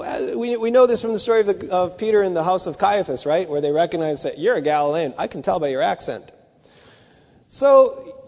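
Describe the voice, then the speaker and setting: High-voiced man teaching in an echoing hall. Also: darkish tone. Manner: conversational, restarts and asides. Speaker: bible teacher. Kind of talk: teaching sermon. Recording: long hall reverb.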